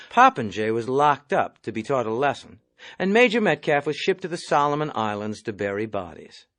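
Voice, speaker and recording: Gravelly man reading an audiobook. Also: on the high side, fairly bright tone, dry recording. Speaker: audiobook reader. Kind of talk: audiobook narration.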